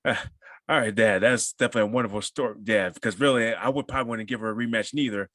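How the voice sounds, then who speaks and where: A man's voice: fairly low pitch, fairly even intonation, racing, fairly bright tone, no echo, clean studio sound. A man hosting a podcast interview, reacting briefly and moving to the next question. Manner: short reactions and laughs. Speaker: podcast host. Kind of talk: casual interview chat.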